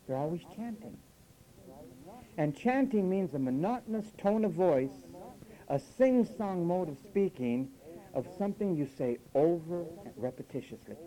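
A man's voice on the high side comes through a rough recording as he preaches. Emphatic and animated in pitch, he keeps imitating what his listeners say, mocking their voices.

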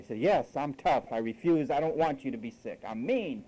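Animated, scolding male preacher. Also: fairly high pitch, fairly quick, few pauses, low-quality recording. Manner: scolding and sarcastic, acting out quoted voices. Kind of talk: sermon.

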